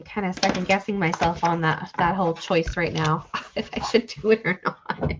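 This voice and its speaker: A woman's voice: fairly low pitch, fairly even intonation, normal speed. A woman hosting a live online sale, chatting casually and rambling while she thanks viewers by name. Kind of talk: casual live-stream selling. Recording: dull lo-fi stream audio with faint noise.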